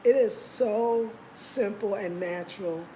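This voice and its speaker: A woman hosting a casual vlog, talking in an expressive, emphatic way and laughing often. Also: medium pitch, slow pace, slight background noise, rough recording. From United States. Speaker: vlog host.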